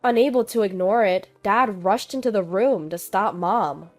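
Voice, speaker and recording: A woman reading a first-person story in a slow, even narration, with faint background music. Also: medium pitch. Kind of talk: scripted narration.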